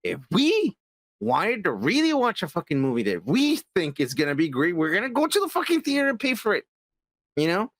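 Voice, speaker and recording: A man's voice: sits high, wildly swooping pitch, a little fast, a bit bright, no echo, studio quality. A man co-hosting a casual podcast, rambling and swearing while reacting to movie news. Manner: rambling, repetitive, swears often. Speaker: podcast co-host. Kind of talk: casual profane nerd-news banter.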